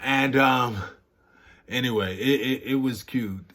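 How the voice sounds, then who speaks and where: Slow-talking man in a rambling chat. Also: medium pitch, fairly bright tone. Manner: rambling, self-interrupting, laughs at himself. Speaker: vlogger. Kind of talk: casual candid chat to camera.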